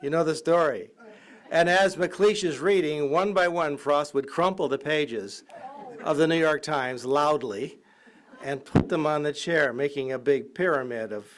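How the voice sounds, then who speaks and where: A professor giving a public lecture, telling anecdotes and acting out the voices in them. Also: male voice, fairly high pitch, measured pace. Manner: lively anecdotal storytelling, acting out quotes. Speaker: professor and biographer.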